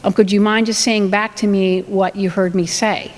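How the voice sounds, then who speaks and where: A woman's voice: medium pitch, level tone, moderate pace, darkish tone, in a large hall, rough recording. A woman giving a talk on family communication in a conversational way, acting out what parents and children say. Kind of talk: presentation with acted examples.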